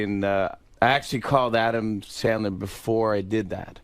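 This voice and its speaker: A young man talking as a guest in a casual radio interview, easygoing and quick to laugh. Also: on the low side. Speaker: guest comedian. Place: radio studio.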